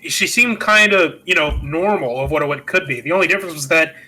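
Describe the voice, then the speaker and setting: A man's voice: fairly high pitch, a little fast, pushed and bright, rough recording. A man co-hosting a comedic podcast, retelling a film with laughs and stumbling restarts. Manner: laughing, stumbling over words. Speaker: podcast co-host. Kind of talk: comedic movie recap chat.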